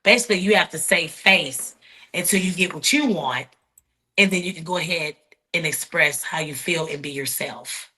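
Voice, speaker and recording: A woman guest in an interview, telling her story bluntly and defiantly, with many quick restarts. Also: low voice, pushed and bright. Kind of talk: heated interview talk.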